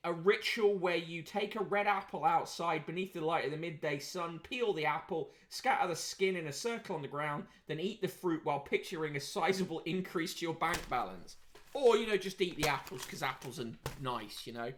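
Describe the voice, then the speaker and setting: A man's voice: a little high, a bit bright. A man hosting a podcast, reading magazine snippets aloud and adding wry, sarcastic asides. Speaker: podcast host reviewing print media. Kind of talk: casual read-aloud commentary.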